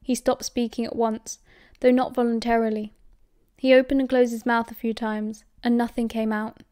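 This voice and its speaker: A woman with a British accent narrating an audiobook in a steady, measured way. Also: on the high side, no echo, clean studio sound. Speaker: audiobook reader.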